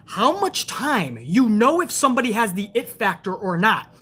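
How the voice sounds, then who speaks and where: A woman's voice: medium pitch, expressive, a little fast, hardly any pauses, a bit bright, breathy edge. A woman hosting a show, ranting hard with profanity about wrestling and answering viewers in a live chat. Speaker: show host.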